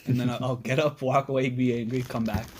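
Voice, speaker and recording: A man's voice: mid-range voice, level tone, quick pace, a little hiss or hum. A young man on a podcast, chatting casually with dry, mock-sincere jokes. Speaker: podcast co-host. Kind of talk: casual chat.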